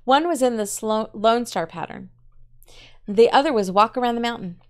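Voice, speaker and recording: A woman literature teacher reading a story aloud and pausing to explain it in short asides. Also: on the high side, lively intonation.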